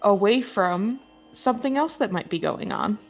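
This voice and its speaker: A woman narrating as game master of a tabletop game, relaxed, with lots of fillers and laughter between lines. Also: mid-range voice, normal speed, faint music behind.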